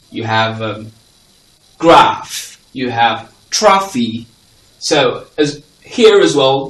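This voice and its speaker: A male teacher giving a phonics lesson to a class. He repeats example words with stress and checks that the class is following. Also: medium pitch. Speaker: English teacher. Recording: echoey room, voice from a distance.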